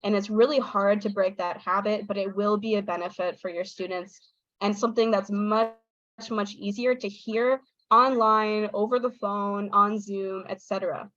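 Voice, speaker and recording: An American woman, a young adult, giving an online talk to English teachers, lively and acting out intonation patterns as she explains them. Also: moderate pace, no echo, lo-fi sound. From United States. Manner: lively, demonstrates intonation with exaggerated pitch.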